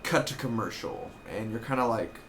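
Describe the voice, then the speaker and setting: A young man rambles excitedly through a TV episode recap, swearing freely and chasing tangents. His voice sits at an ordinary male pitch, with a faint noise underneath. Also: moderate pace. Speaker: TV episode reviewer. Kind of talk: casual recap.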